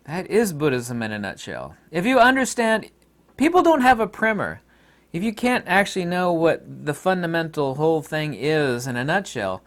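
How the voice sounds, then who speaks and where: A man's voice: animated, normal speed. Emphatic, combative man lecturing. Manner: emphatic and combative, swinging between loud outbursts and low asides. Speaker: video lecturer on Buddhism. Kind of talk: impassioned monologue to camera.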